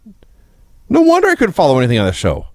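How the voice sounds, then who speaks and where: A man's voice: on the high side, huge pitch swings, rapid-fire, dry recording, clean studio sound. A man co-hosting a casual podcast, recapping events with wry sarcasm. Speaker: co-host.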